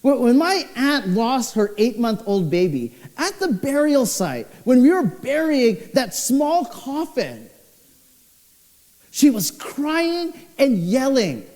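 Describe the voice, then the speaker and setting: A young male pastor preaches in an unhurried, deliberate way, his fairly high voice leaping up and down as he tells stories. The sound carries a long church-hall reverb behind it. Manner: expressive storytelling, voice swinging low and high. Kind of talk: sermon.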